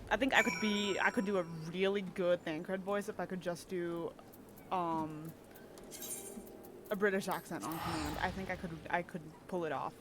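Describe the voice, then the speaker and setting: A woman's voice: on the low side, fairly even intonation, normal speed, music in the background. A young woman streamer chatting casually while gaming, rambling and self-deprecating, tripping over her words.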